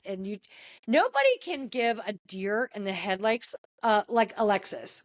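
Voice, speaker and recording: A woman hosting a podcast, recapping a reality show in casual, gossipy chat with animated, jumpy delivery. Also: normal speed. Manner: animated, gossipy retelling with sudden pitch jumps. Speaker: podcast host.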